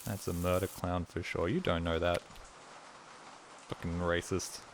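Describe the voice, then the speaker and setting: A man's voice: low-pitched, level tone, a little slow, noisy background. A man streaming a game, rambling with crude, self-mocking jokes in casual commentary.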